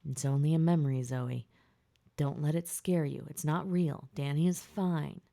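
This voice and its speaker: A woman narrator voicing a calm, concerned man who reassures a frightened friend in a low, steady voice. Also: moderate pace, vocal fry. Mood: reassuring. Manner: reassuring, gentle.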